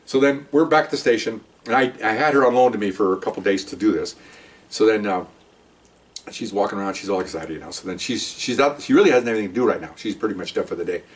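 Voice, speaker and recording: A man's voice: fairly low pitch, fast talker. Older man telling a cop story from a distance. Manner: conversational, rambling, with many restarts and acted-out quotes. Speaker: retired police detective telling a story. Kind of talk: casual storytelling.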